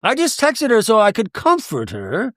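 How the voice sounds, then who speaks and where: A man voicing an aloof, icy reality-TV woman who talks slowly and deadpan. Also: high-pitched, no echo, studio quality, pitched above the performer's own voice, full character voice. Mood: cold, self-justifying. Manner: slow, drawn-out, deadpan.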